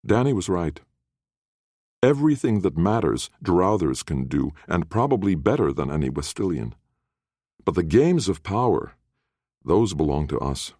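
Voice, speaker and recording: A man giving expressive, scripted audiobook narration of a fantasy story. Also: low-pitched, moderate pace, no room sound, studio quality.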